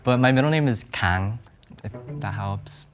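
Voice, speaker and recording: A man's voice: lowish voice, moderate pace, faint music behind. A man talking candidly and self-deprecatingly in a casual group discussion. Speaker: panel participant.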